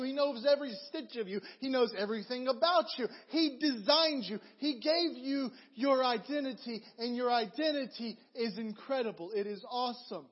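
A pastor with a very high voice preaches a sermon at a moderate pace with few pauses, winding through animated stories and repeated phrases. The recording sounds dull, and a long reverb fills the hall around him.

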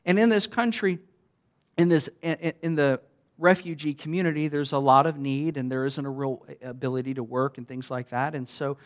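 A man preaching to his church, telling mission stories earnestly with many restarts, rising when excited and dropping to a hush at tender moments. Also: fairly high pitch, normal speed. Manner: earnest, animated storyteller, fillers and restarts, softens to a hush. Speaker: pastor. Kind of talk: sermon storytelling.

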